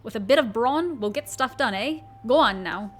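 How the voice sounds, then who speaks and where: A woman voicing a burly, cheerful game character, a Scottish man in a kilt, with a put-on Scottish accent and a loud, hearty delivery. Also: animated, normal speed, slight background noise, close to an everyday voice. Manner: hearty, booming, self-consciously hammy.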